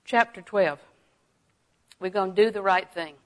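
A middle-aged woman preacher delivers a folksy sermon packed with personal stories, speaking in a medium pitch and a little slowly. She's animated, laughs often, and drops to a hush for asides. The recording is rough.

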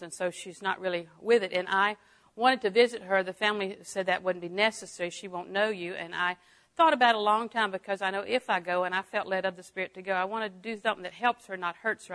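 An older woman teaching a Bible lesson in a folksy way, dropping to a hush and rising to exclaim. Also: mid-range voice. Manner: folksy, swings from hushed to exclaiming.

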